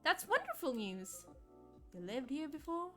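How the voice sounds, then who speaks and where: Polite café barista, near-natural read, woman streamer, bright and animated. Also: high-pitched, a little slow, faint music behind, voice pushed up, full character voice. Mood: chatty. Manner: courteous, chatty, earnest. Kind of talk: streamer voicing game dialogue.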